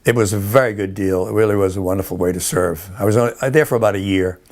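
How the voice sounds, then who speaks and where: A man's voice: on the low side, fast, gravelly, a little mellow. An older man being interviewed, rambling through old army stories with frequent chuckles and restarts. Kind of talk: oral history interview.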